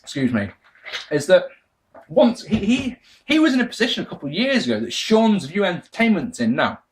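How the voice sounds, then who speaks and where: A young man ranting casually to camera, his pitch swinging widely from loud bursts to low mutters. His voice sits slightly high for a man. He swears freely and laughs at his own asides. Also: sing-song, fairly quick. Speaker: wrestling vlogger answering viewer questions. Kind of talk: casual rant.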